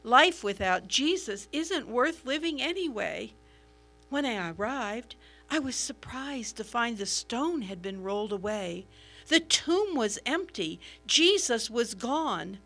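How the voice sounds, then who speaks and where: A woman's voice: on the high side, animated, takes it slowly, a bit bright, soft background music, exaggerated voice. A woman voicing Mary, a grieving follower of Jesus, in an earnest and emotional first-person dramatic monologue. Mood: sorrowful. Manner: earnest, emotional, swelling at moments of wonder.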